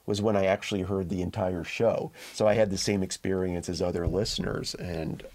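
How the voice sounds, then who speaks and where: A man with a fairly low voice speaks as a guest in a podcast interview. He tells his stories in a measured, reflective way, settling into each point. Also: steady tone, darkish tone. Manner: measured, reflective anecdote-telling. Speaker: guest reporter. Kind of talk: conversational interview storytelling.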